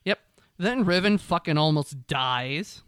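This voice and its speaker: Brief: young male co-host, lively storyteller, swears a lot, clear voice on the higher side. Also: slow pace, dry recording, studio quality. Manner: animated storytelling, swears freely, acts out characters. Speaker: podcast co-host. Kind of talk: casual recap chat.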